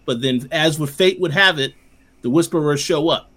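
A man's voice: a little high, a bit bright. A man hosting a casual podcast discussion, stepping in to make his points. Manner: steers the talk, makes quick comments.

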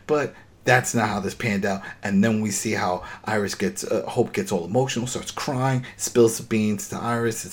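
A man hosting a casual recap chat, talking in an animated, riffing way with incredulous outbursts. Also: lowish voice, moderate pace. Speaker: podcast host.

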